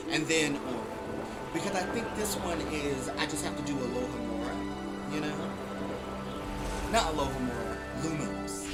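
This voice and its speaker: A man streaming a video game, giving chatty, excitable commentary full of jokes and gushing. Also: a little high. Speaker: let's play streamer. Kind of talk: casual gameplay commentary. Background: game music.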